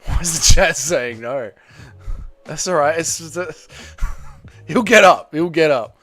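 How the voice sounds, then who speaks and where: A young man hosting a live watch party, reacting loudly to a fight, swearing and shouting at the screen. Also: fairly high pitch, slow, faint music behind. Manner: excitable, swears a lot, yells at the screen.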